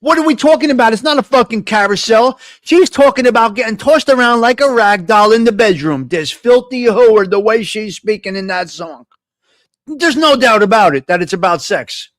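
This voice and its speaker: A man's voice: sits high, expressive, normal speed, fairly bright tone, no echo, studio quality. A middle-aged man hosting a live coffee-talk show, talking bluntly in a profane, ranting monologue. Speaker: host.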